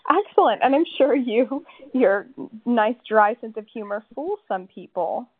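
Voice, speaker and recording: A woman's voice: fairly high pitch, expressive, measured pace, slight background noise. A woman interviewing a guest in a casual chat, asking curious, playful questions. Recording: dry phone-like audio.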